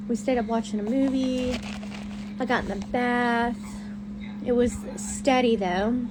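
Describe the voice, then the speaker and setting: A woman's voice: a little high, noisy background. A young woman, talking casually and candidly to her stream viewers, full of fillers and restarts, sounding tired while pregnant and in hospital.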